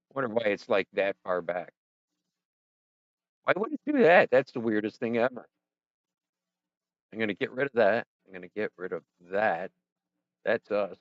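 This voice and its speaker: A man's voice: on the low side, no room sound. A man hosting a casual livestream from a home studio, rambling and joking with his chat and talking to himself as he fiddles with his settings. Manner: rambling, self-deprecating, talks to chat and himself. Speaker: livestream host. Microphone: headset or desk mic with headphones. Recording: dull, muffled stream audio.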